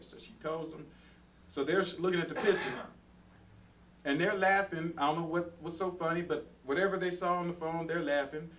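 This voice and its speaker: A man's voice: high voice, normal speed, long pauses, a bit bright. A man teaching a conversational Bible study sermon, earnest and direct, talking to the room and acting out everyday quarrels. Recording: distant mic with faint background noise.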